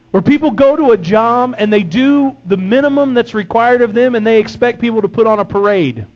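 High-voiced preacher on a dull recording. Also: male voice, a little mellow. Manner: emphatic, rising into voiced complaints and scripture reading. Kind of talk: sermon.

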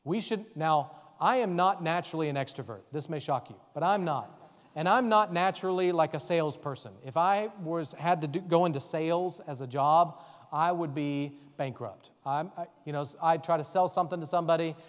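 Earnest deacon in a reverberant hall. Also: male voice, a little high, brisk. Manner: earnest, conversational, checks in with listeners. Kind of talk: teaching a faith formation class.

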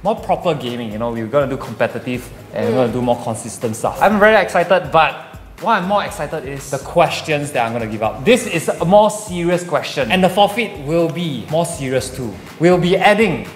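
A man's voice: fairly high pitch, lively intonation, a little fast. A man with a Singaporean accent hosting a gaming quiz, teasing the players and dropping local slang. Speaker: quiz host. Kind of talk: casual quiz banter. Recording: echoey room with loud music behind.

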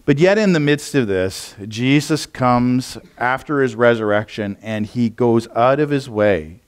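In a church, a man preaches a sermon in a clear, resonant, medium-pitched voice at an unhurried pace. This pastor's style is casual and conversational, full of fillers, restarts, and rambling.

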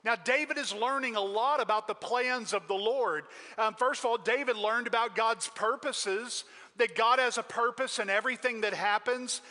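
A male pastor preaches with emphatic storytelling, his voice high-pitched and bright. A long reverb from the sanctuary trails every phrase. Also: moderate pace, few pauses. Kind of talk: sermon.

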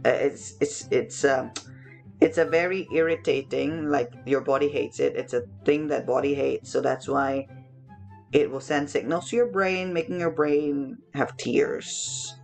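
A young woman with a Hong Kong accent, teaching phonics to children in a lively, expressive way, often repeating words. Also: sits low, measured pace, gravelly, soft background music. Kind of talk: lively teaching talk for kids.

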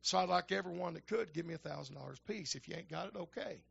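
An older man, a minister telling folksy stories in a sermon that build to shouting fervor. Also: fairly high pitch, fast talker, gravelly, slightly rough, dull audio. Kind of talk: storytelling sermon.

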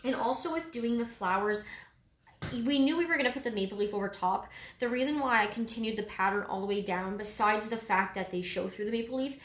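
A woman walks through a painting project in a relaxed, chatty way, sprinkling in "um" and "like" as she explains each stroke. Her voice sits in a middle range and carries a noticeable room echo. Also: medium pitch, a little fast. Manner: easygoing, lots of fillers like "um" and "like". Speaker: painting instructor. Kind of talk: casual step-by-step painting tutorial. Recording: roomy echo.

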